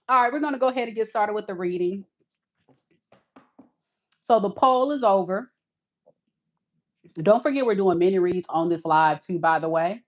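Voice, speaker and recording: A woman's voice: medium pitch, moderate pace, long pauses. A woman hosting a tarot live stream, talking to viewers in a folksy, casual way and calling them y'all.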